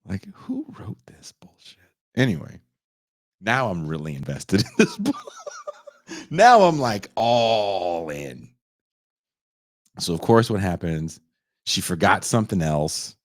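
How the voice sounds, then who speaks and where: A sarcastic young man hosts a podcast, recounting a film's plot with plenty of swearing and quick put-on voices for the characters. His voice sits fairly low but leaps up sharply whenever he mocks a scene. The recording is close and dry, with no room sound. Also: big pitch swings, no echo. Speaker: podcast host reviewing a film. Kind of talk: casual comedic retelling.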